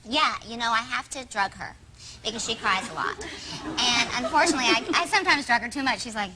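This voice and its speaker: A woman from Oklahoma, a talk show guest, telling chatty anecdotes in a giggly, animated way. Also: on the high side, fairly quick, a crowd in the background. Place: TV studio with audience. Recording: noisy TV studio recording.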